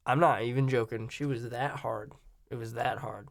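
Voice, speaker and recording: A man from Virginia and Florida rambling through an opinionated, casual monologue. His mid-pitched voice is gravelly with fry and sits close and dry, with no room sound. He keeps cutting himself off mid-sentence. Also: steady tone, normal speed, no room sound. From Virginia and Florida, USA. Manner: opinionated, rambling, self-interrupting.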